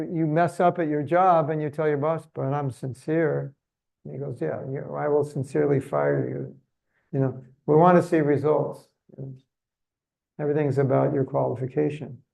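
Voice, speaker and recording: A man's voice: fairly high pitch, creaky, darkish tone, rough recording. A man giving a religious seminar talk in a chatty, humorous, self-deprecating way. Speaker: seminar speaker.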